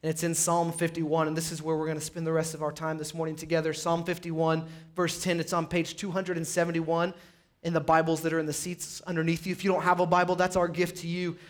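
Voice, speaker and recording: A man preaching a sermon as pastor, rising to loud pleading peaks and dropping to quiet, low passages. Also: monotone, quick pace. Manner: impassioned, rises high and loud on pleas then drops low. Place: church sanctuary.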